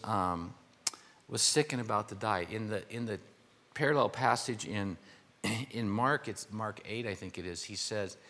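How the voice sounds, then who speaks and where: A man's voice: on the low side, a bit bright. Older guy pastor teaching through a bible passage, chatty asides, big reverby hall. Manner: informal teaching, explaining word meanings with asides to the congregation. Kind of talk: conversational verse-by-verse sermon.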